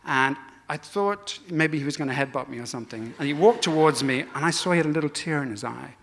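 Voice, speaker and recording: A man's voice: fairly high pitch, lively intonation, fast talker, vocal fry, a bit bright, slight background noise. Man telling a self-mocking stage anecdote. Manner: self-deprecating, conversational, swears freely. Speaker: guest speaker at a live storytelling event.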